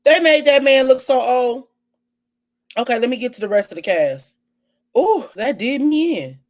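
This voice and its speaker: A woman's voice: high voice, lively intonation, moderate pace. A woman hosting her own live online show, chatting casually and animatedly with viewers, full of exclamations and asides. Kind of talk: casual live-stream chat.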